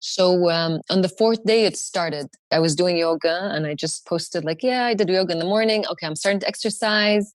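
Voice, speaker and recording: A woman's voice: brisk, few pauses, dry recording, clean studio sound. A young woman, a podcast guest telling a personal story with animation, and she acts out the other people's lines. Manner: animated, acts out quoted voices in higher pitch.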